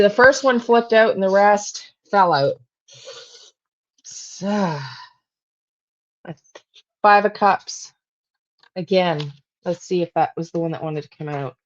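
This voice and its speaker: A woman's voice: deep voice, muffled recording, slight background noise. A woman hosting a true crime channel, talking to herself while she pulls tarot cards and repeats her questions to spirit.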